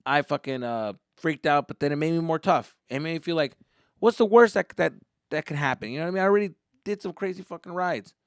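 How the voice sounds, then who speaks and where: A male comedian hosting a podcast, telling a comic story in an animated, profane way and acting out quotes. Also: a little high, quick pace, smooth, dry recording, studio quality.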